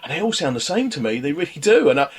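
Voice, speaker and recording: A man's voice: on the high side, very animated, quick pace. A man from London hosting a radio interview, rambling with many restarts as he asks questions. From London, England. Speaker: radio host.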